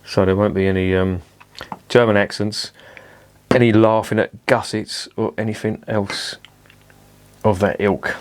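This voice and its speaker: A man's voice: on the low side, level tone, measured pace, long pauses. A man casually reviewing a beer at home, chatty and self-mocking, swearing freely. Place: indoors at home with curtains drawn.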